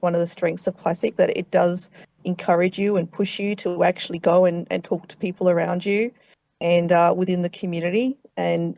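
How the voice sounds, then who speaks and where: A woman's voice: lowish voice, creaky, a little mellow, dry recording. A woman speaking as a panelist on a casual gaming podcast, hesitant with frequent fillers. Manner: hesitant, many fillers and restarts.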